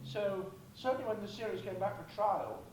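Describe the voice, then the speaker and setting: An older Englishman answers fans at a convention panel, chatty and quick to joke. His voice sits fairly high. He is picked up from a distance in an echoing, noisy hall. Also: expressive. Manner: chatty, joking, laughs between answers. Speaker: guest actor on a convention panel. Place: large echoey convention hall. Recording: echoey hall from far off, noisy.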